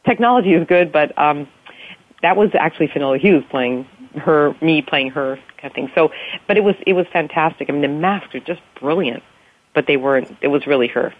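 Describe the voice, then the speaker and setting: A woman's voice: sits low, a little fast. A woman actress talking about her work in a casual interview, gushing and enthusiastic, often restarting her sentences. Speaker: actress guest. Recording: tinny phone line.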